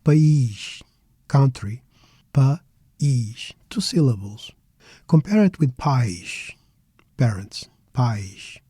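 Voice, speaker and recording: A middle-aged man teaching a pronunciation lesson, slowly modeling words syllable by syllable. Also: mid-range voice, big pitch swings, mellow, slightly rough, dry recording, clean studio sound. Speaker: language teacher. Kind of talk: slow, careful pronunciation lesson.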